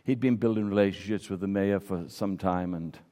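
A man's voice: low-pitched, moderate pace, dark tone. A man preaching a sermon and telling a story, acting out the voices of the people in it. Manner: storytelling, acts out quoted voices. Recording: preaching in a reverberant hall.

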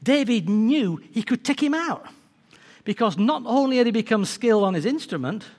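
Animated preacher in an echoing hall. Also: male voice, very high voice, normal speed. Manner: animated storytelling, acting out characters. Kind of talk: sermon. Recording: long reverb of a large hall.

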